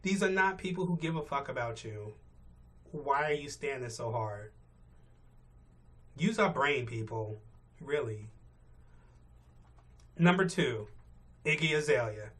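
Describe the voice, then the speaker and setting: Driving to work in the morning, a male vlogger rants bluntly, swearing and sounding fed up. His mid-range voice is expressive and a bit bright, moving at a measured pace with frequent pauses.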